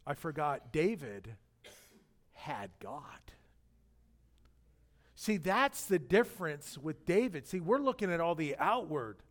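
A middle-aged man, a pastor, delivering a sermon in a conversational, animated storytelling manner with jokes and asides. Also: a little high, slow, pauses often.

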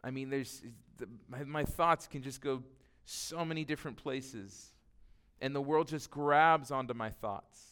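A man's voice: medium pitch, measured pace, a bit bright, clear, resonant tone. A man preaching a sermon in an earnest, conversational way, often restarting his sentences as he explains. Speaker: pastor.

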